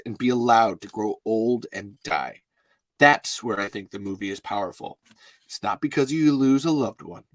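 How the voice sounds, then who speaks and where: Excitable rambling podcast host. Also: male voice, fairly low pitch, no echo. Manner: rambling, excitable, laughing often. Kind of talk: casual chat reading listener messages.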